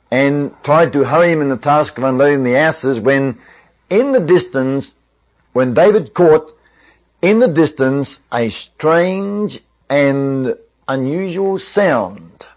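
A man telling a Bible story in an expressive way, with varied pacing and asides to the listener. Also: fairly high pitch, unhurried.

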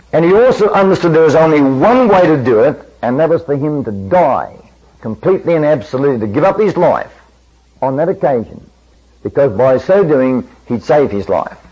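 A man's voice: medium pitch, slightly rough. A man preaching a sermon, telling a story in earnest and acting out the quoted dialogue. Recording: dull lo-fi old recording.

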